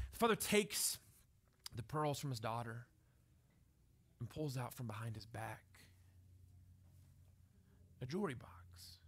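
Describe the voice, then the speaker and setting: A man in his thirties preaching a sermon, telling a story softly and then building to loud, emphatic exhortation. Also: mid-range voice, big pitch swings, takes it slowly, pauses often, breathy edge. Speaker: pastor.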